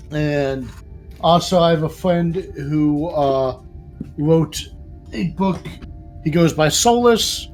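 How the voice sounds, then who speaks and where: A man tabletop player introducing himself casually, halting with many pauses and "uh"s. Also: fairly high pitch, low-quality recording.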